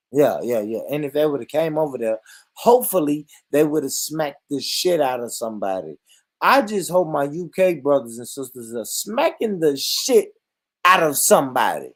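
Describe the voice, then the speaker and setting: A man with a slightly high voice, speaking at normal speed, hosts his own vlog with an animated, comedic rant. He swears a lot and laughs often.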